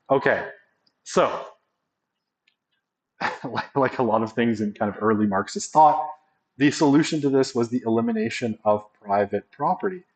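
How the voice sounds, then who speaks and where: A man's voice: medium pitch, poor audio. A man giving a sociology lecture in a chatty, rambling way, full of fillers and joking asides. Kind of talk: classroom lecture.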